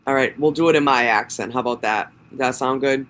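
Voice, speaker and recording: A man's voice: medium pitch, quick pace, a bit bright, rough recording. Profane, sarcastic man. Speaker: channel host. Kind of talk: reading a police report aloud with commentary.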